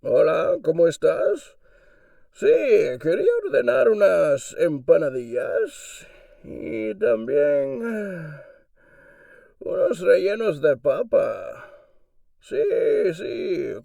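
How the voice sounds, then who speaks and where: A man doing an impression of a masked male villain, speaking in a slow, calculated sing-song through a cup for a muffled tin-can sound, with a Castilian Spanish accent. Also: fairly high pitch, huge pitch swings, creaky, dark tone, dry recording, clean studio sound, pitched above the performer's own voice, heavily acted. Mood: menacing polite.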